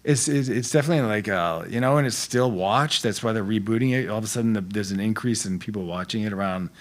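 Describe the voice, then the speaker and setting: Middle-aged guy, lowish voice, rambling slangy podcast stories, super laid back. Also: fast talker. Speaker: podcast guest, actor. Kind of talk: casual storytelling chat.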